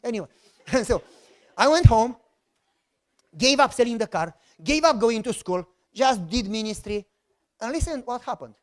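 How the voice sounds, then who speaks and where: A middle-aged man with a Romanian accent, preaching a sermon as a lively, joking storyteller who acts out the dialogue. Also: extremely high pitch, normal speed, pauses often. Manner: animated, jokey, acts out dialogue. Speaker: pastor.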